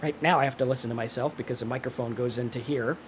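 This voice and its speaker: A man's voice: medium pitch, steady tone, quick pace, slight background noise. A man co-hosting a podcast about recovery, talking casually and acting out inner voices with blunt, swearing humor.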